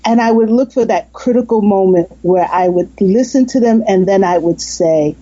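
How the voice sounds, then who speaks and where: In a casual interview, a hypnotist who used to be a nurse tells warm, earnest stories, restarting often and laughing as she goes. Her mid-range voice moves at normal speed with few pauses, and the highs are cut off.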